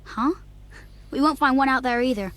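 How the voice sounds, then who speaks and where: A man's voice: very high-pitched, moderate pace, sharp tone, a little hiss or hum, voice pushed up. A man voicing an earnest young boy who answers with puzzled, indignant questions.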